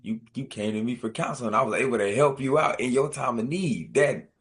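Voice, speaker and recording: A man co-hosting a podcast, talking casually and reading scripture verses slowly and deliberately. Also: mid-range voice. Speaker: podcast co-host.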